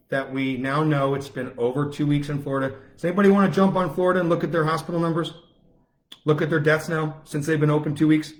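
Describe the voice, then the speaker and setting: A man delivering an impassioned live-stream rant, with fiery, repetitive, emphatic outbursts. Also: on the high side. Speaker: political commentator on a live stream. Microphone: phone or webcam, self-recorded.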